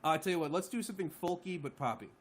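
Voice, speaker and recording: A man's voice: a little high, expressive, rapid-fire. A man who writes and sings his own songs, chatting casually as a live-stream guest in a rambling, self-deprecating way with easy swearing. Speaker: singer-songwriter guest.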